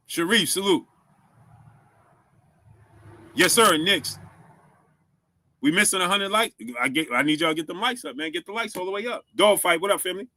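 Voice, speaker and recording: Bright-voiced man hosting a casual live stream. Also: high voice, normal speed, pauses often, no echo. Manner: shouts out viewers, asks for likes; stumbles over words, repeats himself.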